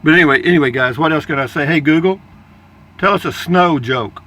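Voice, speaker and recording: A man's voice: on the high side, a little fast, bright, forceful tone. An older man reading viewer comments aloud in a folksy, rambling casual chat. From Texas, United States. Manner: folksy, rambling, chuckling asides.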